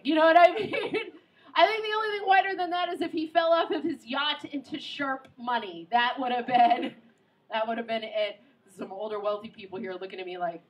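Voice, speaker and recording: Brief: thirties woman comic, high voice, quick joking asides, hosting a live set. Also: poor audio. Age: 30s. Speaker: stand-up comedian and show host. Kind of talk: stand-up comedy. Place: outdoor comedy show on a pier. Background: audience.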